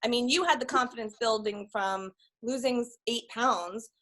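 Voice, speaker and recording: A woman's voice: a little high, moderate pace, fairly bright tone. A woman hosting a casual interview, chatty and full of fillers and asides. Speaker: host.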